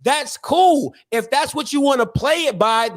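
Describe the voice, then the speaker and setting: A man's voice: very high-pitched, unhurried. A man hosting a sports opinion show, talking emphatically and repeating himself for effect. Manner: emphatic, repetitive, keeps asking "all right?". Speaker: host.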